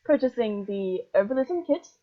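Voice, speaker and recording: A woman voicing a wary, suspicious marketplace merchant, talking haltingly as she makes it up. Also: fairly high pitch, animated. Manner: hesitant, halting, makes it up on the spot. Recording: dull lo-fi sound.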